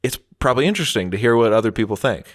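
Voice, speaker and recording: A man's voice: medium pitch, lively intonation, racing. A man co-hosting a casual comedy podcast, laughing often and joking around. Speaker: podcast co-host.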